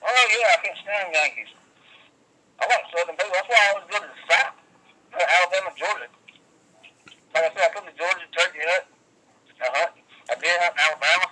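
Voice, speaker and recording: Sharp-voiced man, profane storyteller. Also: high voice, brisk, pauses often, slight background noise, rough recording. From West Virginia. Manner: profane, rambling, animated storyteller. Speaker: guest, wrestler. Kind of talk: casual interview storytelling.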